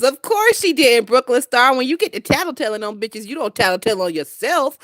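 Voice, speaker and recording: A woman's voice: fairly high pitch, fairly bright tone, no room sound, studio quality. A woman in her twenties hosting a casual gossip livestream, brash and profane, reading out viewer comments and laughing often. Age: 20s. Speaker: gossip channel host.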